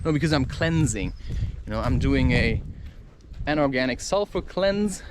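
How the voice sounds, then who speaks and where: A man musing in a rambling, profane spiritual monologue, excitable and talking half to himself. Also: medium pitch, moderate pace, noisy background. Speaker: vlogger.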